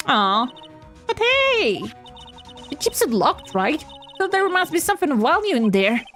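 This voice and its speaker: A bubbly young sidekick girl, as a woman puts her on, squeaking high and eager. She pleads and whines with bright, bouncy energy over faint background music. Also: sing-song, unhurried, full character voice. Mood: pleading. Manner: high-pitched, eager, whiny.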